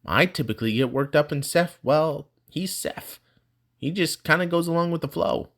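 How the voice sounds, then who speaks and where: A woman's voice: sits low, expressive, normal speed, voice pushed up. A man voicing a young woman student who earnestly urges her angry friend to open up. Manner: pleading, earnest.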